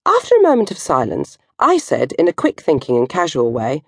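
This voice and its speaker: An older woman reading her own comic novel in first person, animated and jumping to high squeals for effect. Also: brisk, creaky, few pauses, dry recording, clean studio sound.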